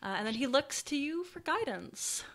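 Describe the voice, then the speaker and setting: A woman's voice: sits high, very animated, moderate pace, fairly bright tone, a little hiss or hum. A woman narrating a tabletop role-playing game as game master, laughing often in a casual way.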